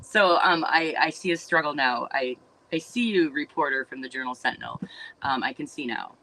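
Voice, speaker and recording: A woman's voice: deep voice, normal speed, pushed and bright, rough recording. A woman from Wisconsin hosting a casual livestream, talking in a rambling, chatty way with lots of fillers and asides to her viewers. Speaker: livestream host and business owner.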